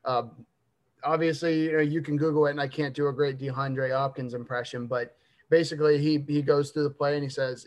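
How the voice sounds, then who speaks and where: Higher-voiced man in lively sports banter. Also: brisk, dull audio. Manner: enthusiastic, laughs easily. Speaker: podcast co-host. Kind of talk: casual sports chat.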